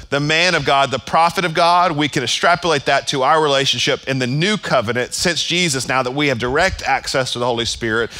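A man's voice: fairly high pitch, pushed and bright. A man pastor preaching a sermon at a church service, emphatic and full of repeated phrases.

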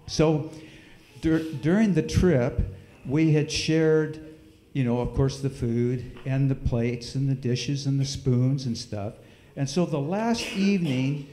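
A middle-aged man telling a folksy, animated story with sound effects during a church service. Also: mid-range voice, roomy sound. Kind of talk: storytelling in a sermon. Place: church hall.

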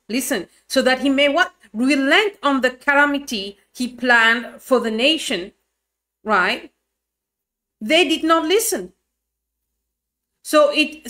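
A woman's voice: high-pitched, fairly bright tone. A woman leading a Bible study, emphatic and fond of rhetorical questions.

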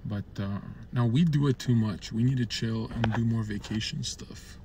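A man's voice: mid-range voice, normal speed, dark tone, slight background noise. A man streaming from a parked car, chatting casually with his viewers in a crude, rambling, joking way.

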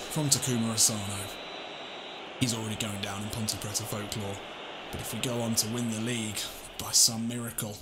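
Excitable gamer commentating football. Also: male voice, fairly low pitch. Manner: excitable, swings from calm muttering to shouting and laughing. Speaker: gaming YouTuber. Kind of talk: let's-play football game commentary.

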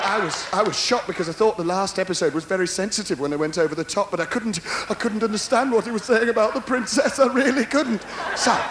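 A man, doing a live stand-up routine, ranting fast and shouting his punchlines. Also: sits high, a little hiss or hum. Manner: rapid, ranting, animated delivery with shouted punchlines. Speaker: stand-up comedian. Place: large concert hall with live audience. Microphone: stage microphone. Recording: roomy live hall recording with faint crowd.

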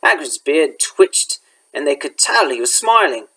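A man's voice: a little high, very animated, unhurried, pushed and bright, breathy edge, rough recording. A male elementary school teacher reading a chapter book aloud, with occasional slips he corrects.

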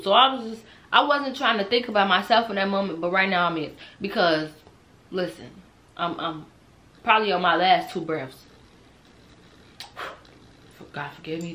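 A young woman tells a storytime to her viewers in a bright, forceful voice. She is animated and laughs often, swearing freely as she goes. She keeps speaking directly to the people watching. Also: mid-range voice. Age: young adult. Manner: talks straight to viewers. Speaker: storytime vlogger. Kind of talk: casual storytime.

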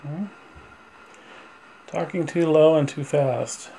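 A man's voice: fairly high pitch, steady tone, vocal fry, warm tone, slight background noise, low-quality recording. Man patiently calling out to spirits. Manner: asks questions slowly and patiently, pleading. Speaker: paranormal investigator. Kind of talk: ghost-hunting session, talking to spirits.

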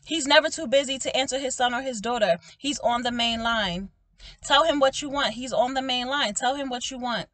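Animated woman preaching to camera. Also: high voice, a little fast, no echo. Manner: animated and emphatic, often asks "okay?" and calls listeners "baby"; laughs often, swinging between loud exclaiming and soft talk. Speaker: prophetic minister speaking to online viewers.

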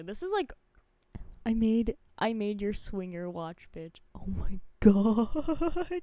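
A woman's voice: mid-range voice, no room sound. A woman streaming a survival game live, reacting dramatically to her chat with gasps, squeals and swearing. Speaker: Twitch streamer.

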